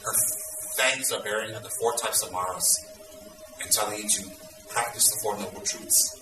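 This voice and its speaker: A man teaching Buddhist students in an intense, dramatic way, at times breaking into loud exclamations. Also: on the low side, normal speed, echoey room, far from the mic, noisy background.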